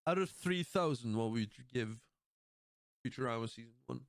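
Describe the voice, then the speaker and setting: A man's voice: medium pitch, animated, normal speed, gravelly, no echo, studio quality. A man hosting a podcast in casual chat, animatedly retelling scenes, laughing often and acting out quoted lines. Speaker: podcast host. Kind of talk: casual chat recapping episodes.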